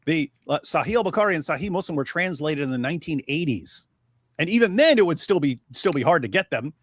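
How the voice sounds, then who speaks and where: A man's voice: fairly high pitch, lively intonation, fast talker, dry recording, clean studio sound. A man from the United States hosting a casual live-stream, talking in a blunt, mocking way. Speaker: host.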